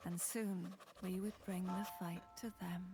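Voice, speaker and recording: An actress voicing a young woman heroine who calmly narrates her wartime escape in a story game. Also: on the low side, a little slow, noisy background. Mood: reflective. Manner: calm, reflective storytelling. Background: game music.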